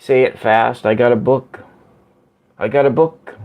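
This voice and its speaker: A man hosting a casual livestream from home, chatting slowly and rambling as he answers viewer comments. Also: medium pitch, fairly even intonation, lo-fi sound. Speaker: livestream host. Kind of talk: casual live-stream chat with viewers. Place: at home by a window.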